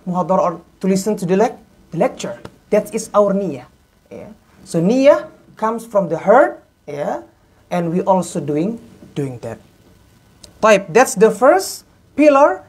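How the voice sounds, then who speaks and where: A man giving a religious law lesson in a mosque, speaking halting English full of "yeah" tags and reciting Arabic quickly. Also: sits high, breathy edge. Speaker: religious teacher. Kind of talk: mosque lecture on Islamic law.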